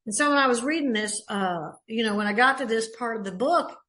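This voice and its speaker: An older Texan woman talks to a recovery meeting in a warm, folksy drawl. She rambles a little, with many fillers and false starts, like she's chatting with friends. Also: on the high side, fairly quick. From Texas. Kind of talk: personal share at a meeting.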